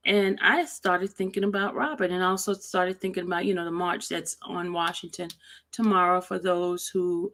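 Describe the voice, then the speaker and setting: A woman hosting a casual livestream, greeting viewers by name and reading slowly and deliberately. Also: on the low side, creaky, a bit bright. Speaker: livestream host.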